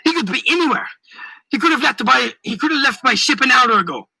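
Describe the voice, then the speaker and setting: A man voicing a furious, hot-headed male pirate captain who yells his lines. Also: very high-pitched, expressive, fairly quick, gravelly, slightly rough, dry recording, voice pushed up, heavily acted. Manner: yelling, enraged.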